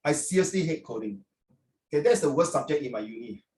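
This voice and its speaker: An older Singaporean-accented teacher lectures his class chattily, dropping local particles as he goes. His voice is a little high and darkish in tone, animated and fast. He's recorded from far off with roomy echo.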